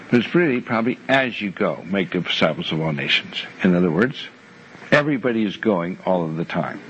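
An older man with a low voice teaches a Bible class, steady and measured, going back over key phrases to drive them home. The recording is muffled and lo-fi, with a faint hiss underneath.

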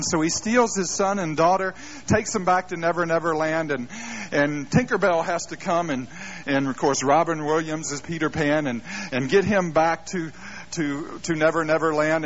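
Middle-aged male preacher, fairly high voice, animated and self-mocking, muffled old recording. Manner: animated storytelling with self-deprecating humor. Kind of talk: sermon. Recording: dull lo-fi live sermon tape.

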